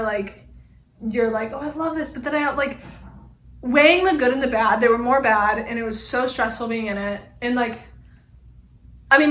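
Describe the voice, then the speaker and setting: A woman's voice: high voice, a bit bright. A young woman talking to camera in a casual, rambling way, full of fillers and frank asides, with a slight echo from a small room. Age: young adult. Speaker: vlogger. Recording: echoey room.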